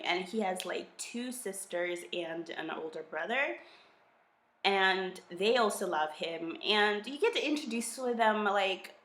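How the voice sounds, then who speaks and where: A woman chats through a book review for her video channel at an easy middle pitch. Her talk is loose and enthusiastic, full of fillers and restarts as she gushes. The room around her rings with noticeable echo. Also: a bit bright. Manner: gushing, chatty, lots of "like" fillers. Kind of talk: casual book review vlog. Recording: roomy echo.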